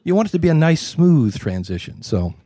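Animated, wisecracking man critiquing podcasts live. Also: on the high side, a little fast, no room sound, studio quality. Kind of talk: live panel commentary. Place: conference room before a live audience.

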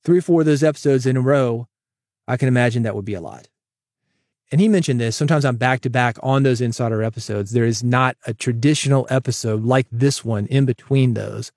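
A man's voice: medium pitch, brisk, a little mellow, dry recording, studio quality. A man hosting his own podcast, talking solo to listeners in a conversational, emphatic way that leans on repetition. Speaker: podcast host.

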